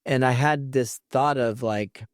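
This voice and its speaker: A man hosting a podcast, telling a personal story in a halting way, often restarting his thoughts. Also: medium pitch, no room sound, studio quality. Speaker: podcast host.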